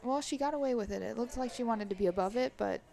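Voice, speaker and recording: A woman's voice: on the high side, fast, vocal fry, mellow. A woman commentating a live pool match in a chatty way, often checking in with "right?". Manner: chatty, tags lines with "right?".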